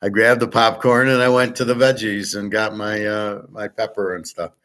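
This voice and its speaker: A man's voice: on the low side, flat delivery, moderate pace, fairly bright tone. Blunt, profane middle-aged man. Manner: blunt, profane, rambling with many fillers. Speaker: sports betting host. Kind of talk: casual monologue.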